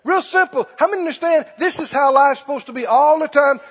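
High-voiced pastor preaching with fervor. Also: male voice, fairly quick, hardly any pauses, dull audio. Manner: storytelling, then fervent prayer and praise. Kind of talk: sermon.

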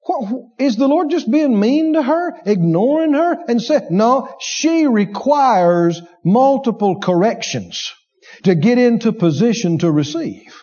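A man preaching a sermon, animated, acting out inner voices and laughing as he preaches. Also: extremely high pitch, unhurried, breathy edge, dull audio.

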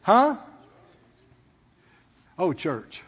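A man's voice: high-pitched, wildly swooping pitch, very slow, husky, big-room sound, dull audio. A man pastor preaching a sermon, prodding his congregation with rhetorical questions and call-and-response.

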